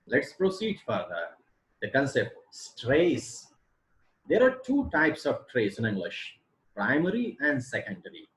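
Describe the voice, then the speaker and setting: A man teaching English phonology in a webinar lecture, slowing down to demonstrate stress and intonation on example words. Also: medium pitch. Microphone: computer mic for an online webinar. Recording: roomy echo.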